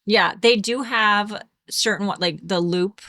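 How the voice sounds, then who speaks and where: A woman co-hosting a podcast about home daycare, chatting in an animated way and sometimes mimicking kids' voices. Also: medium pitch, a little slow, no echo, studio quality. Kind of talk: casual chat.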